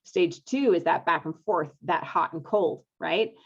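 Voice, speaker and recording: Woman, marriage coach, live webinar, low-pitched, coaxing, upbeat, dull lo-fi sound. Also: unhurried, slightly rough. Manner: upbeat, coaxing, checks in with listeners often. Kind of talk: live online masterclass talk.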